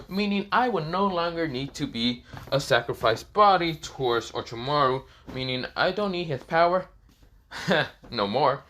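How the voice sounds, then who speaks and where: A man's voice: on the high side, sharp tone. A man voicing a cocky young ninja. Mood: smug. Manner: casual, offhand delivery with fillers.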